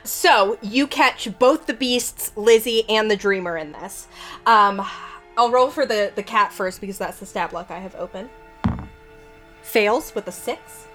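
Female game master, relaxed, filler-heavy narration, mid pitch. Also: unhurried, soft background music. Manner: relaxed, chatty, frequent fillers.

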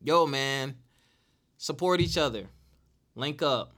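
A man's voice: mid-range voice, slow, a bit bright. A man in his late thirties hosting a casual solo talk show, earnest and repeating phrases for emphasis. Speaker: podcast host.

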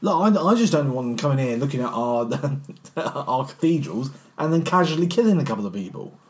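Animated male podcast co-host. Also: mid-range voice, brisk. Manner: animated, swearing, many "like" fillers. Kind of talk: casual podcast chat.

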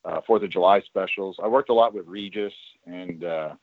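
A former studio worker appears as a guest in a casual storytelling interview, rambling about his years there with frequent fillers and restarts. He has a low voice and speaks at normal speed. The recording is dry and tinny, like a phone line.

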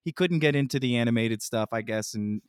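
Male podcast co-host, excitable and gushing, mid pitch, dry close sound. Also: a little fast, clean tone, no echo. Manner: excited, gushing, many fillers. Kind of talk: casual chat.

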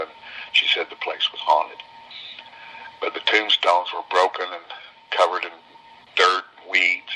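A man's voice: low voice, little pitch movement, a little slow, long pauses, sharp tone, poor audio. A man telling homespun stories to visitors in a folksy way, often repeating phrases for emphasis. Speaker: business owner speaking to visitors. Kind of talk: folksy storytelling talk.

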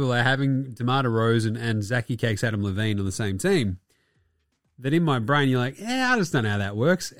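A man's voice: mid-range voice, no room sound. A man runs through sports commentary in a mid-range voice, foul-mouthed and sarcastic. His voice sits dry and close, with faint music behind it. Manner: profane, sarcastic, with mocking put-on quotes. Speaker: podcast host.

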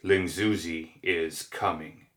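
A man doing a slow crooning demon. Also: deep voice, level tone, fairly bright tone. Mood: menacing. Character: monstrous demon voice, slow, domineering, hungry. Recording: echoey room.

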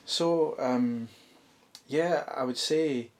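Scottish male musician guest, home studio, mid pitch, meandering delivery full of fillers. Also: drawn-out words. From Scotland. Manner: thoughtful, rambling with many fillers. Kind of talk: casual interview chat.

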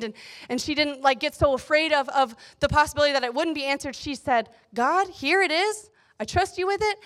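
A young woman giving a casual devotional talk, chatty and animated, telling stories with playful asides. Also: high-pitched. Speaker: youth speaker.

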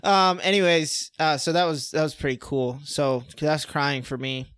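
A chatty podcast co-host who rambles through his stories with lots of fillers. His voice is a touch high for a man, and it is recorded dry and close. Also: moderate pace, a bit bright, clean tone, no echo. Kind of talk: casual chat.

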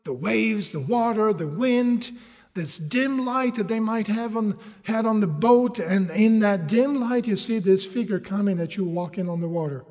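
A man's voice: high voice, measured pace, in a large hall. A man preaching a sermon in English, a language he learned later, telling stories and asking his listeners rhetorical questions. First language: not English. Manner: animated storytelling, rhetorical questions to the audience.

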